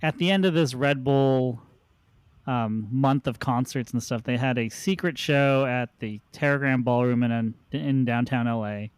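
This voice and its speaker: A man's voice: mid-range voice, unhurried, smooth, no room sound. A man hosting a podcast, telling long rambling anecdotes in a casual chat. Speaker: podcast host.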